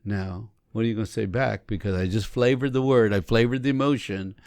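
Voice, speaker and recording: A man co-hosting a podcast, talking casually and coaching through examples in an animated way. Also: fairly low pitch, fairly quick, no room sound, clean studio sound. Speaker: podcast co-host. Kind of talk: casual conversation on marriage.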